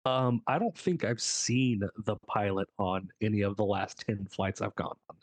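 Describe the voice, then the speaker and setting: Male podcast co-host, low voice, dry sarcastic teasing, dry close sound. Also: moderate pace, no echo. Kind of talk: casual chat.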